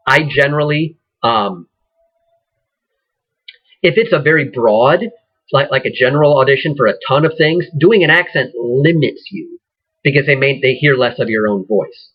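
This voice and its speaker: A man's voice: medium pitch, husky, highs cut off. A man who sounds like an acting teacher, giving a casual lecture that rambles along with fillers and restarts.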